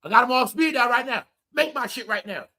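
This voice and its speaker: A man's voice: very high-pitched, lively intonation, a little fast, bright, forceful tone, exaggerated voice. A man playing a pushy customer who threatens a restaurant to get free food. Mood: demanding. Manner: demanding, threatening.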